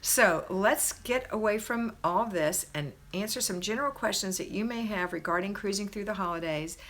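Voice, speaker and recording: Streaming from inside her parents' house, a middle-aged homemaking host reads out viewers' comments and rallies them like a warm, encouraging cheerleader. She speaks at a normal speed with a medium pitch.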